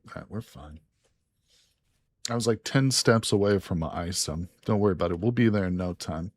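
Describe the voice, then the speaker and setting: A relaxed man streaming a survival game, chatting to his viewers with easy jokes and a slightly husky, lowish voice. He talks in a loose, unhurried way. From Illinois, USA. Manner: laid-back, joking asides. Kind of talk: casual live-stream commentary.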